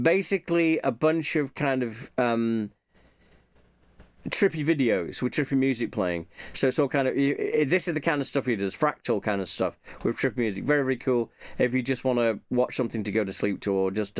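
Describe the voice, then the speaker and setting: A man's voice: mid-range voice, smooth, no room sound. A man talking casually and off the cuff, rambling and thinking aloud, often muttering repeated asides to himself. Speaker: YouTuber reviewing his subscriptions.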